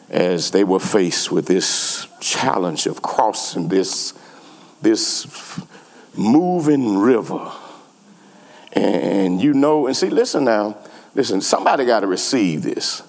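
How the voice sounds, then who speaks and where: Preaching in a church sanctuary, a pastor speaks slowly in a lowish, slightly mellow voice that is very animated. He repeats phrases and calls out to the congregation in call-and-response style, and long church reverb fills the recording.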